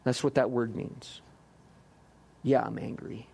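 A man preaching a sermon, lively, acting out voices and joking with the congregation. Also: mid-range voice, slow, creaky, a little hiss or hum. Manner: lively, acts out quotes, jokes with the congregation. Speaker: pastor.

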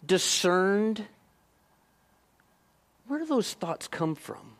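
A man preaching a sermon, questioning his listeners directly and moving between hushed and emphatic delivery. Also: on the high side, animated, unhurried. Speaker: pastor.

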